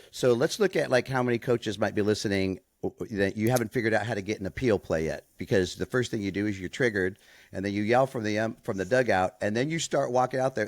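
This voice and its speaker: A man co-hosting a podcast and chatting casually, a softball coach telling stories and acting out what people said. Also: fairly low pitch, no room sound, clean studio sound. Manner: storytelling, calm, quotes people in voices.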